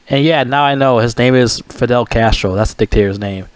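A man vents in a heated, swearing rant, restarting sentences and sighing in disgust. His voice sits at an ordinary middle pitch. The recording is close and dry, with no room sound. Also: fairly quick, smooth, dry recording. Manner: ranting, profane, exasperated, sighing, stumbling restarts. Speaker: video creator ranting about a TV show. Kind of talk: angry profane rant.

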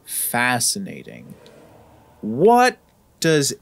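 A man's voice: mid-range voice, wildly swooping pitch, drawn-out words, creaky. Wisecracking man narrating a horror game. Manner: joking, sarcastic asides. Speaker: gaming video host. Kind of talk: let's-play commentary.

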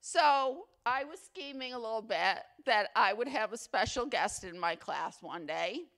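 Woman, award acceptance speech, slightly high voice, unhurried, chatty, playful humor, affectionate. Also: expressive, a bit bright. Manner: affectionate, sentimental. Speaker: faculty award recipient. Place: awards ceremony venue.

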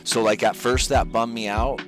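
A man's voice: medium pitch, flat delivery, moderate pace. A young man chatting casually as a gaming streamer, rambling and jokey with laid-back gamer slang. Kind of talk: casual joking chat. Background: background music.

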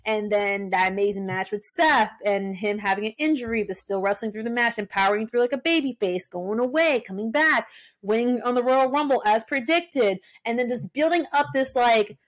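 A young woman co-hosting a casual podcast chat, passionate and animated, swearing freely. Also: a little high, moderate pace. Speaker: podcast co-host.

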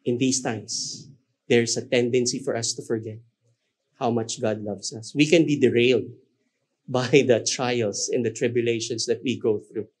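A man preaching a sermon as pastor, pressing points with emphasis and dropping to slow, soft repetition. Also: mid-range voice, slightly rough.

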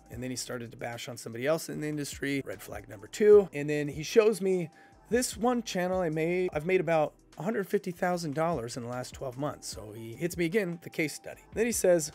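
A man's voice: on the high side, animated, fairly quick, darkish tone, faint music behind. A man who works as a YouTube consultant, talking skeptically and directly to his viewers in a casual commentary vlog.

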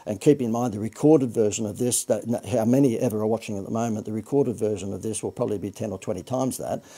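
A man giving a live sales pitch for a marketing course, rambling and correcting himself with joking asides. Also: fast, dark tone, husky.

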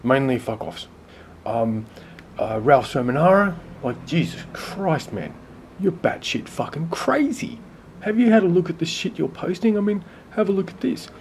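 A man with an Australian accent ranting casually and sarcastically to camera, swearing and rambling with halting restarts. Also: fairly high pitch, expressive, a little mellow, slight background noise. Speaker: vlogger. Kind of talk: casual profane rant to camera.

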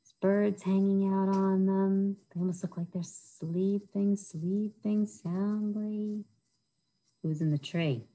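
At a library storytime, a woman reads a picture book aloud to children in an animated way, often asking her listeners questions. Her voice is medium-pitched and slow, and the audio is poor.

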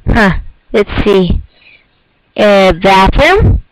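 A man's voice: high-pitched, lively intonation, very slow, no echo, rough recording. A teenage boy rambling and joking through casual let's-play commentary of a horror game. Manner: goofy, rambling, jokey. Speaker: gamer.

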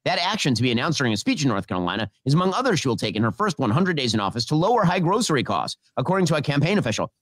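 A man's voice: medium pitch, sing-song, fairly bright tone, no room sound. A man giving scornful, sarcastic political commentary in a played clip. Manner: sarcastic, rapid-fire, scornful.

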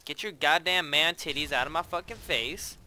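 Bright, excitable man in game commentary. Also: on the high side, a little fast. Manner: profane, excitable trash talk. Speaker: gameplay commentator. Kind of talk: live shooter gameplay commentary.

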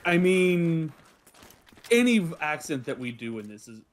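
A man's voice: on the high side, big pitch swings, unhurried, a little hiss or hum. A young man chatting as a teammate in a zombie game, matter-of-fact, giving directions and arguing his point. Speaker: teammate in voice chat. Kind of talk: casual gaming chat.

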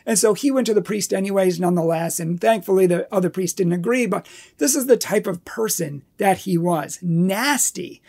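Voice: medium pitch, normal speed, vocal fry, darkish tone. A Catholic speaker telling a personal testimony in an earnest, emphatic way, building up repeated phrases.

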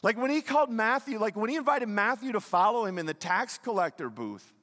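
A man's voice: sits high, expressive, fairly quick, a bit bright, big-room sound. A male pastor delivering a sermon, emphatic, asking the congregation questions and repeating key lines. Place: church sanctuary.

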